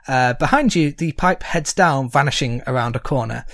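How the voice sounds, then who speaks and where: A man narrates a tabletop game as game master. He talks at an everyday mid pitch, chatty and loose, with hesitant fillers. The sound is dry and close. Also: normal speed, fairly bright tone, dry recording.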